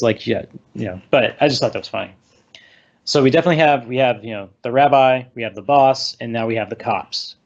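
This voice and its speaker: A man's voice: mid-range voice, fast, muffled recording. A man co-hosting a casual movie discussion, recapping scenes in a rambling way and acting out quotes. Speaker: podcast co-host.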